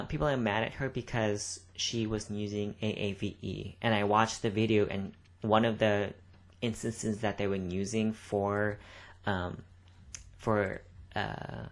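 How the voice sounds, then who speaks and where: A young woman co-hosting a podcast, chatting casually in a rambling way and swearing freely. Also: rumbling low. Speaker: podcast co-host. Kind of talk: casual chat.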